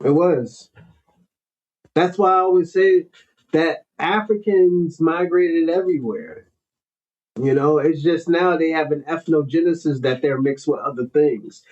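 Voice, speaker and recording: Male host, high voice, blunt lecturing delivery, muffled lo-fi audio. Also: measured pace, darkish tone. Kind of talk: casual opinionated talk. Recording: dull lo-fi audio.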